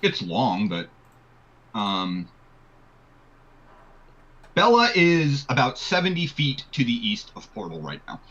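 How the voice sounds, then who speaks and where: Bright, lively game master man. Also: medium pitch, takes it slowly, pauses often, breathy edge, lo-fi sound. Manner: relaxed, chatty rulings with fillers and laughs. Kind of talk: narrating an online tabletop game.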